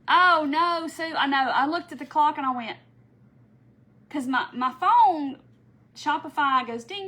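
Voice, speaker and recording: A woman's voice: high voice, moderate pace, pushed and bright, low-quality recording. A woman hosting a casual live craft stream from home. She chats easily, greets viewers by name and laughs often. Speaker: craft host.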